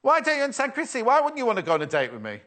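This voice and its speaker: Lively, animated male TV presenter. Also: very high voice, rapid-fire. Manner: playful, chatty, reads viewer messages aloud. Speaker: shopping channel presenter. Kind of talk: live sewing TV chat. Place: TV studio.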